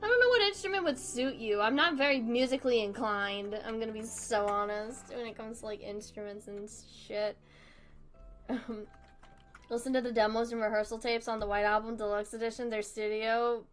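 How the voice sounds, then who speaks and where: A young woman art streamer chats casually while drawing, speaking at a normal speed in a slightly high voice, with soft music faintly beneath her. She rambles from thought to thought, giggling a lot and swearing often.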